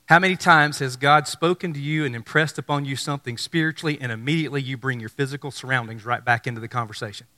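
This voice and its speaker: A man preaching a sermon, animated and acting out biblical dialogue in excited voices. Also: mid-range voice, fast talker, few pauses. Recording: long hall reverb.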